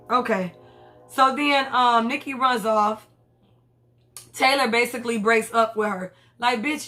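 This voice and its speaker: A woman's voice: fairly high pitch, normal speed, faint music behind. A young woman casually recapping a TV episode, swearing freely and acting out the characters' lines. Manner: animated, profane, acts out characters' lines. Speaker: TV episode reviewer.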